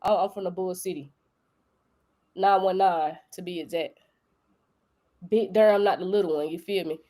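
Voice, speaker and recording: A woman's voice: lowish voice, fairly even intonation, moderate pace, dark tone. A young woman from North Carolina with a local accent, hosting a casual crypto live stream in a joking, slangy way. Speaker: crypto show host.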